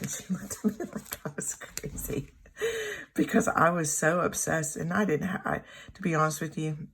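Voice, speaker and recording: A woman in her thirties with a low, gravelly voice tells a story at home, slowly and with plenty of halting restarts. She talks casually to the camera. A faint hiss sits in the background of the recording. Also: a bit bright. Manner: rambling, halting, self-correcting. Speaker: planner vlogger. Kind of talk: casual storytelling while journaling. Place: home room.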